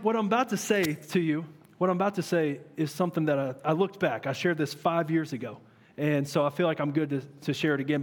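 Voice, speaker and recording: A man in his thirties preaching a sermon as a pastor, earnest and animated, asking his listeners questions. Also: high voice. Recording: long reverb of a large hall.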